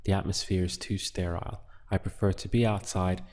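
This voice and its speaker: A man teaches Spanish in a relaxed manner, slowly explaining each word of the translations. He speaks with a low, slightly mellow voice and a flat delivery.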